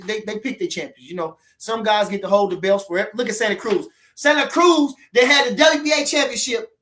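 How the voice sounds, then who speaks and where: Hosting a laid-back boxing livestream, this man's voice sits high and a bit bright. He talks loosely and animatedly, full of "you know what I'm saying."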